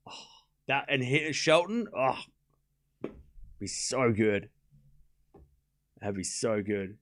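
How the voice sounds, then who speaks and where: A young man chats loosely into his desk mic while hosting a live tennis watchalong. His voice sits a little on the high side for a man. He rambles through run-on thoughts packed with fillers and gets excitable and scornful when he mocks commenters. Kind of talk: casual live-stream chat.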